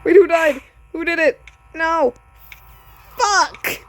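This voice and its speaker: A woman giving casual commentary while playing a game, excitable and laughing, swearing often. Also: very high-pitched, takes it slowly. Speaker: gamer. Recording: noisy background.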